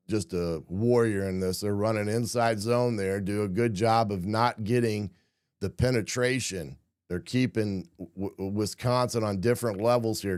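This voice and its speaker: Low-voiced hoarse man breaking down football. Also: a little mellow, no room sound, studio quality. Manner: frequent throat clearing, many fillers. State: losing his voice, hoarse. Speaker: football analyst host. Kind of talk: casual game film breakdown.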